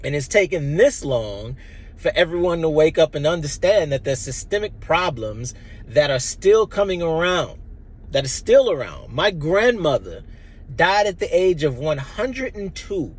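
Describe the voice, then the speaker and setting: A man's voice: a little high, very animated, unhurried, husky. A man in his thirties giving an impassioned, blunt personal monologue, emphatic and profane. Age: 30s. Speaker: vlogger.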